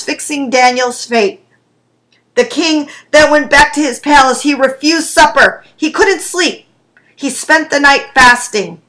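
A woman preacher reading scripture aloud and praying in a sermon, slow and deliberate. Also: high voice, fairly bright tone, rough recording.

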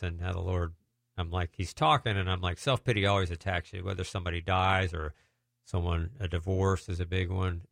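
Middle-aged guy telling testimony stories, raspy low voice, does the voices of people he quotes. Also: dry recording, clean studio sound. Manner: animated, acts out quoted voices. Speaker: minister telling deliverance stories. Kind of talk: casual storytelling testimony.

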